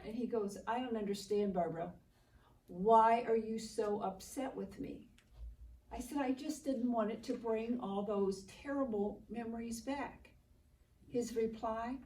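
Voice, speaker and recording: An older woman speaks slowly and earnestly at a memorial ceremony and tells family stories in plain words. Her voice sits back from the microphone in a roomy space. A faint hum of ambience runs underneath. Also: on the high side, warm tone. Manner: slow, earnest storytelling with quoted dialogue. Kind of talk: heartfelt speech at a public ceremony. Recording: roomy, distant mic with faint background noise.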